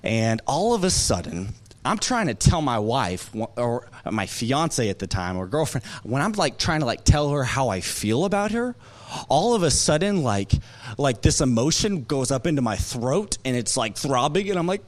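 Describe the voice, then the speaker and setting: A young man preaching a conversational sermon to a church crowd, animated and joking as he tells stories with lots of fillers. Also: a little high, normal speed. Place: church service.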